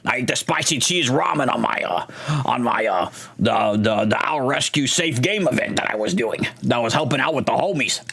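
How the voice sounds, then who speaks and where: A young man streaming casually while eating spicy food, excitable and slangy, his mouth burning. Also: mid-range voice, normal speed, vocal fry, breathy edge.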